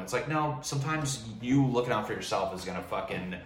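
A man's voice: mid-range voice, quick pace, far from the mic, slight background noise. A young man venting in a casual monologue, profane, heated and rambling, while drinking wine. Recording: echoey room, voice off-mic.

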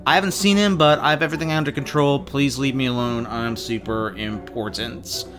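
A self-important young male bureaucrat rattles off reassurances, as a man puts him on. He speaks briskly, a little higher than a normal voice, with faint music underneath. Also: steady tone, fairly bright tone, close to an everyday voice.

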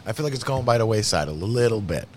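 A man's voice: on the low side, expressive, quick pace, heavy background noise. Profane, easygoing Massachusetts man. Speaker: podcast host. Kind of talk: casual podcast chat.

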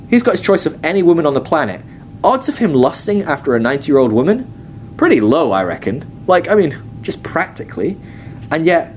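A teacher at a ministry school gives a casual, chatty Bible class in a slightly high voice, with a little hiss or hum on the recording. He uses many fillers and acts out quotes in different voices.

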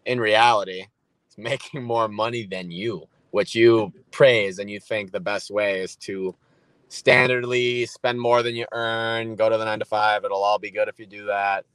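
Man, podcast co-host, low voice, blunt casual talk, dry close recording. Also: steady tone, moderate pace, fairly bright tone, clean tone, dry recording, low-quality recording.

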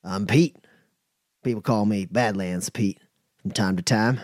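A man voicing a big, gruff, teasing outlaw in a tabletop game, with a low mock-menacing drawl. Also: measured pace, a little mellow, dry recording, studio quality, close to an everyday voice.

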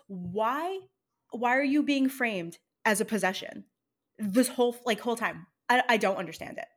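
A young woman co-hosting a podcast, speaking in a measured way that turns indignant as she recalls a film scene. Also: fairly high pitch, expressive. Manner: measured, then indignant when quoting. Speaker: podcast co-host. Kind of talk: casual podcast chat.

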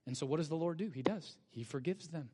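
A man preaching from the pulpit in a voice pitched a bit above most men's. He retells the story with animated energy and keeps throwing rhetorical questions at the congregation. His words ring out with a long trailing reverb, as in a church hall. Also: quick pace, breathy edge. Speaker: pastor. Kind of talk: sermon. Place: church sanctuary.

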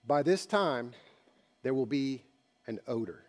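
A man preaching a sermon, telling a story dramatically and moving between hushed passages and loud ones. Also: mid-range voice, animated, a little slow. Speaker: pastor.

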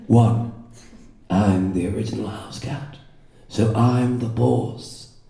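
A man voicing a smug, bossy old house cat giving advice in a slow drawl. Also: fairly low pitch, steady tone, creaky, mellow. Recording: echoey room, slightly off-mic.

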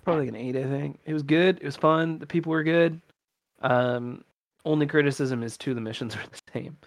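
A man from North America, a podcast guest in casual chat, laid-back and quick to laugh. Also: on the high side, dry recording.

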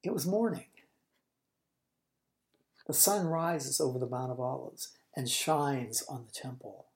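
Low, dark-voiced woman preaching a story. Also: a little slow. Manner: vivid retelling that swings from booming to hushed. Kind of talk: sermon storytelling.

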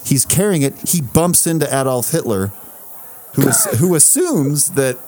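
A man co-hosting a podcast in a playful, joking manner. His pitch moves around a lot as he riffs. His tone is middle-of-the-road in height. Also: lively intonation, a little mellow. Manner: playful, jokey, quick to riff. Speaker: podcast co-host. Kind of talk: casual chat.

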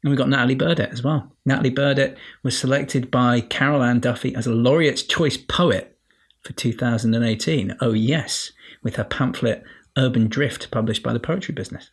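A man's voice: mid-range voice, normal speed, husky. A man hosting a podcast on his own, chatting playfully and wryly and firing off rhetorical questions at his listeners. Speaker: podcast host. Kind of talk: casual solo monologue.

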